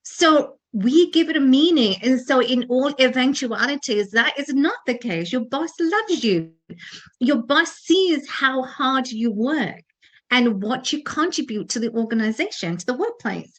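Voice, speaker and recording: A woman's voice: high-pitched, expressive, a little slow. A woman co-hosting a talk show, giving an earnest motivational talk with frequent restarts and fillers. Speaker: podcast co-host.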